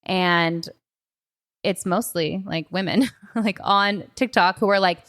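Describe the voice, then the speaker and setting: Young woman, podcast host, casual rambling chat, lots of "like," slightly low voice. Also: slow, a bit bright. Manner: chatty, rambling, heavy use of filler "like". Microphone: podcast microphone.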